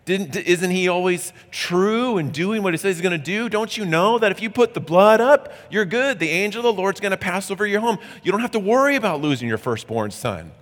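A man voicing a confident, faithful Israelite man who fires off rapid questions, heard with long hall reverb. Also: sits high, lively intonation, fairly bright tone, pitched above the performer's own voice. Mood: insistent. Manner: rapid, pressing rhetorical questions. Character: confident faithful male Israelite, eager and insistent.

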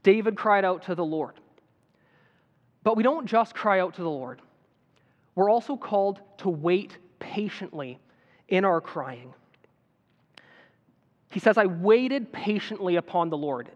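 A man's voice: high-pitched, lively intonation, measured pace, long pauses. A man preaching a sermon in an earnest manner that builds to emphatic appeals. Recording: dull sound with long hall reverb.

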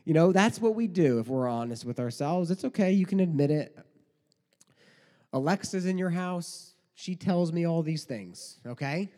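A man's voice: on the high side, expressive, moderate pace, mellow. A man preaching a sermon in a conversational way, full of rhetorical questions and mock quotes. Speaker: pastor. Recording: long hall reverb.

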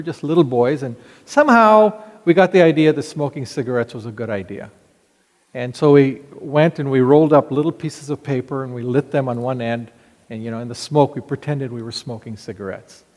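A middle-aged man preaching a sermon, reading scripture slowly and telling a childhood story in an earnest way. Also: mid-range voice, a little mellow, in a large hall. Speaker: pastor.

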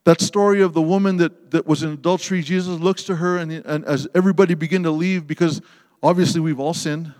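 High-voiced preacher in a reverberant hall. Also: male voice, fairly even intonation, quick pace. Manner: impassioned, swings from loud emphasis to hushed tenderness. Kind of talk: sermon.

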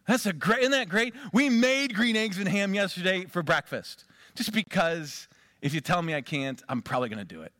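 A man preaching a sermon as pastor, animated and rhythmic, building up emphasis as he speaks. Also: high voice, normal speed, no echo, clean studio sound.

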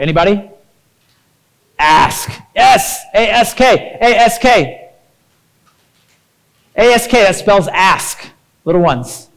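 A man in his thirties preaching a sermon in an energetic, conversational way, often checking in with "right?". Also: on the high side, rough recording. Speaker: pastor.

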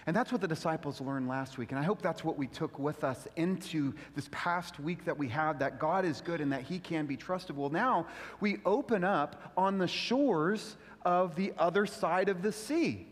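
A man pastor giving a casual, animated sermon full of slang. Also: fairly high pitch, moderate pace, long reverb tail.

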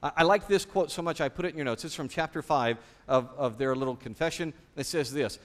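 A man's voice: fairly high pitch, a little fast, hardly any pauses. A man preaching a sermon in a church, asking his congregation one question after another. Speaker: pastor.

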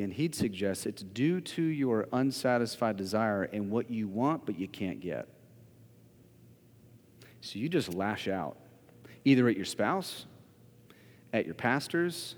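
A male pastor preaching a sermon in a church, emphatic, swinging between loud declarations and hushed asides. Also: medium pitch. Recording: long reverb of a large hall.

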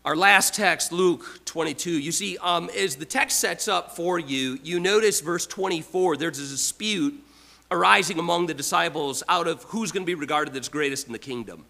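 A man preaching a sermon, emphatic, with repeated restarts, swinging from loud to quiet. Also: on the high side, normal speed, vocal fry, low-quality recording. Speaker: pastor.

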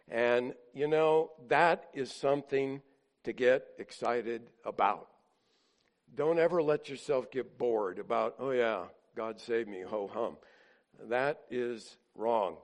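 An earnest man delivers a sermon as a pastor, his voice at a middle pitch. He speaks in a conversational way, with filler pauses and loudness that rises and falls.

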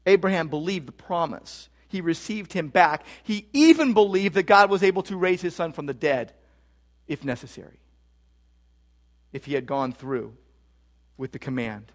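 High-voiced pastor, emphatic sermon delivery. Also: male voice, measured pace, pauses often. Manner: emphatic, repeats key phrases for stress. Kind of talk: expository sermon.

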